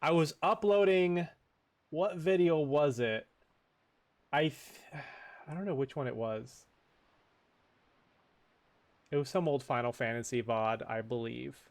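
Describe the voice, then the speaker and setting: A man's voice: on the high side, takes it slowly, long pauses. A man streaming a game in casual chat, rambling and chuckling with many fillers.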